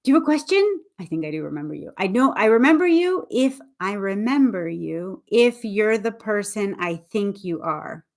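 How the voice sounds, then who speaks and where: A woman English teacher talking casually on a livestream, explaining her point in a thoughtful, deliberate way with frequent restarts. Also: medium pitch, very animated.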